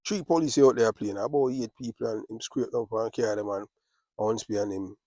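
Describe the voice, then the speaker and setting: A man's voice: on the low side, fairly quick, warm tone, dry recording, clean studio sound. A man with a Jamaican accent, talking in a casual monologue with repetitive, boastful, patois-laced street talk.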